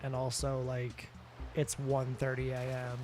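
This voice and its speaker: A man's voice: mid-range voice, completely flat delivery, a little slow, music in the background. A tired, sleepy man streaming a game late at night, rambling in casual chat with lots of fillers and restarts that trail off.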